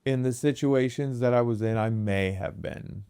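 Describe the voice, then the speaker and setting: A young man co-hosting a casual comedy podcast, joking with a deadpan tone and laughing often. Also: mid-range voice, normal speed, clear, resonant tone. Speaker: podcast co-host.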